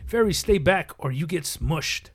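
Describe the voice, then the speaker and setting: A man reading a storybook aloud and voicing a huge, bossy male giant with a slow, booming manner. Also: expressive, breathy edge, exaggerated voice. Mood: threatening.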